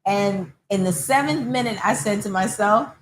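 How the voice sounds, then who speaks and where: Animated woman telling stories in a salon. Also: mid-range voice, normal speed, a little hiss or hum, rough recording. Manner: animated storyteller, acts out quoted callers. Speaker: host. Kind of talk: casual chat. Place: hair salon.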